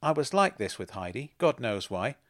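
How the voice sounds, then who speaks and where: A man's voice: mid-range voice, sing-song, normal speed, fairly bright tone, dry recording, studio quality. A man reading his own first-person story in a reflective, wry manner. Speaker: narrator and author.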